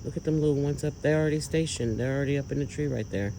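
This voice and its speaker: A man filming outdoors at night, talking to viewers in an emotional, awed, exclaiming way with drawn-out words. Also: medium pitch, gravelly, mellow, slight background noise, rough recording. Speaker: vlogger filming lights at night. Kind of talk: excited casual commentary to viewers.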